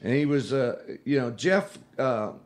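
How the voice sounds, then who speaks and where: A man's voice: mid-range voice, expressive, unhurried. A podcast host tells a rambling story. He slips into the voices of the people in it as he goes, in a plain, mid-range man's voice. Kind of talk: casual chat.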